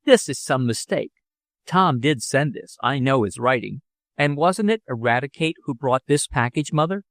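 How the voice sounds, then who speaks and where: A man voicing a calm, earnest young woman in an audiobook. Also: medium pitch, normal speed, no room sound, studio quality, close to an everyday voice. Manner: earnest, calm, sweetly insistent.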